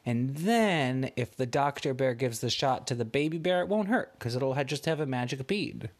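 A man doing a high, kindly little salamander girl. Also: expressive, normal speed. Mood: reassuring. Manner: high, bright, reassuring. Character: cheerful female salamander helper, small and kind.

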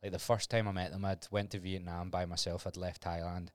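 A young Glaswegian man, a podcast guest, telling animated stories with plenty of swearing and laughter. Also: deep voice, a little fast, dry recording. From Scotland. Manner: animated storyteller, swears freely, laughs often. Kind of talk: casual chat.

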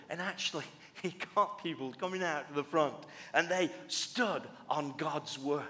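A man's voice: fairly high pitch, moderate pace, fairly bright tone. A man, a pastor preaching a conversational sermon with restarts and light humorous asides. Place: church hall. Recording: long reverb of a church hall.

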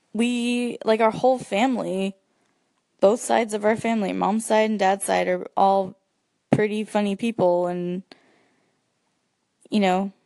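A woman chatting casually with her sister, talking quickly and filling gaps with "like" and "you know". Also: mid-range voice, a little mellow, no room sound, clean studio sound. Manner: chatty, fast, lots of fillers. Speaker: sibling in casual chat. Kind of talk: casual chat.

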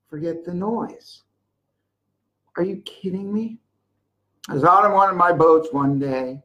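An older speaker giving a motivational sales talk about a jewelry business, telling rambling stories with sudden loud bursts. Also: medium pitch, unhurried, long pauses, rough recording. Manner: mocks whiners in a put-on voice.

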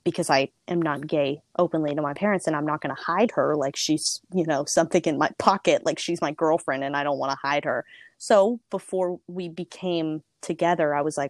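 A young woman tells her own story in a lively, rambling way, full of fillers and voices for the people she quotes. Her voice is fairly low. The recording is dry and close. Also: a little fast, no echo. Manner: chatty, frequent "like" fillers. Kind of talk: personal storytelling.

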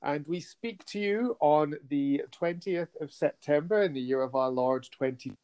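A man's voice: on the high side, measured pace, a little mellow, clear, resonant tone. A middle-aged man co-hosting a podcast, earnest and hesitant with many fillers. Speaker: podcast co-host. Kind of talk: casual chat.

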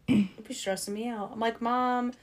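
A young woman from Florida co-hosting a true crime podcast, chatting casually with quick, slangy wisecracks. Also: a little high, steady tone. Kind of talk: casual chat.

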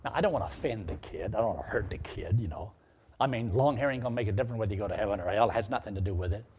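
A man's voice: on the low side, rapid-fire, slight background noise. A male preacher telling a personal story in a sermon, acting out the dialogue as he goes. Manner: animated, acts out dialogue.

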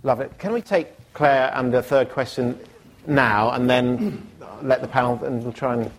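A man chairing a panel discussion, brisk and wry, taking questions from the floor. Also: mid-range voice, slight background noise. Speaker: panel moderator.

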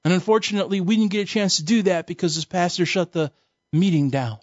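A man's voice: high voice, fast talker, no room sound. A man giving a sermon-style Bible teaching lesson, emphatic and colloquial, weaving in stories. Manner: emphatic, colloquial preaching with storytelling. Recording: dull, dry recording.

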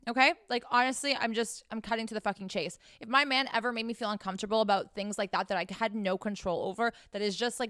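A woman's voice: fairly high pitch, fairly bright tone, smooth, dry recording, studio quality. A young woman hosting a frank, casual monologue, blunt and profane as she talks straight to her listeners. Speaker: host.

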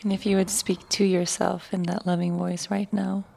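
A woman hosting a podcast who gently prompts trainees with questions in casual group conversation. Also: lowish voice, little pitch movement, moderate pace, gravelly. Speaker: podcast host and yoga teacher trainer.

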